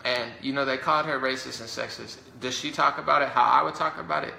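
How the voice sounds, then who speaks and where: A man speaks in a gravelly, sharply bright and forceful voice as he rants against his political opponents. He talks indignantly and quickly, piling up fillers and mocking the other side. The room around him is roomy and echoey. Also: mid-range voice, fairly even intonation, a little hiss or hum. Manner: rapid, indignant, mocks opponents in put-on voices. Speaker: political commentator. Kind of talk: heated political rant to camera. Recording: roomy echo.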